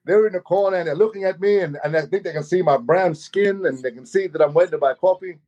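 A man from Australia telling a long travel story in a casual, animated way, often repeating his words as he goes. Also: high voice, fast, dull audio. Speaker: guest storyteller.

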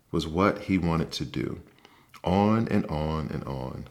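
A man calmly reading a bedtime story aloud as the host of a sleep podcast. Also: very deep voice, takes it slowly.

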